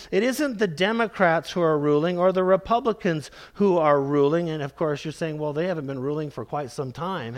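A man preaching a sermon, slow and emphatic, repeating key phrases and calling his listeners "beloved". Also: high voice.

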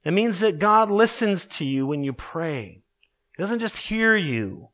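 A man preaching a sermon, earnest and emphatic, slowing down to stress scripture verses. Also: sits high, big pitch swings, a bit bright. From Colorado, USA. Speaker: pastor.

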